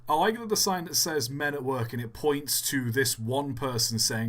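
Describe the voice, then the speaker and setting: A man's voice: medium pitch, normal speed, few pauses. A man co-hosting a live stream, chatting casually and joking. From England. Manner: animated, jokey, breaks into laughs. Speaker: stream co-host.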